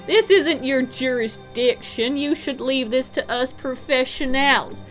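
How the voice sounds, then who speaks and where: A woman voicing a gruff, pompous male ghost police chief who talks down to people. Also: sits high, unhurried, faint music behind, pitched above the performer's own voice. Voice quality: blustering, condescending, calls people son.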